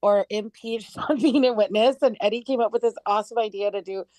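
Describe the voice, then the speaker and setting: A woman's voice: medium pitch, a little fast, darkish tone, no echo, low-quality recording. A woman guest in casual chat, brash, swearing and laughing as she talks.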